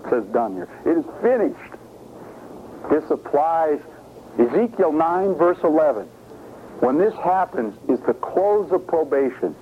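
A man's voice: a little high, very animated, measured pace. A man preaching in a sermon-style Bible study, emphatic and asking his listeners questions. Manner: emphatic, asks the audience questions. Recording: lo-fi phone-like recording with faint hiss.

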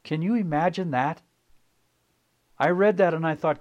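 An older man delivers a sermon in a somewhat high voice. He reads passages aloud and presses each point with slow, emphatic repetition. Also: a little mellow, dull audio. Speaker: preacher. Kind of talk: sermon reading and commenting on texts.

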